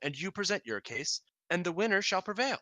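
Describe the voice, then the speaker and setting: A woman's voice: lowish voice, sing-song, brisk, fairly bright tone, no echo, pitched above the performer's own voice. A man voicing a haughty female kobold queen with a regal, commanding manner.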